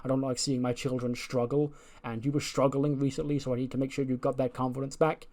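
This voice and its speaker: Smug fatherly schemer voiced by a man, rousing, mid pitch. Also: little pitch movement, quick pace, a little mellow, close to an everyday voice. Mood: defensive. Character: scheming middle-aged male wrestler, smug fatherly leader.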